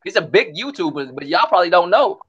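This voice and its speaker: A man's voice: high-pitched, big pitch swings, fast talker, slightly rough, muffled recording. A man co-hosting a podcast, telling stories in casual slang and often saying "cuz" and "you know what I'm saying.". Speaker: podcast co-host. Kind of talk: casual chat.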